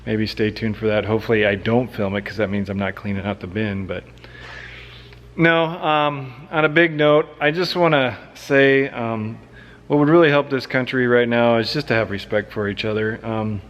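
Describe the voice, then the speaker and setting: A man's voice: mid-range voice, normal speed, fairly bright tone. A man, a farmer from central Nebraska, talks through his farm work in a loose, rambling way. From central Nebraska, USA. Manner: laid-back, rambling, loose explanations. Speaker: farmer and vlogger. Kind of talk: casual walkaround vlog. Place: outdoors on a farm, by machinery.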